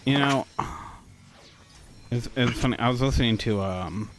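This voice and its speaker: A man co-hosting a casual gaming podcast, easygoing and quick to agree. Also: medium pitch, over music. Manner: easygoing, frequent agreeing "mm-hmm"s. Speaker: podcast co-host. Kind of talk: casual chat.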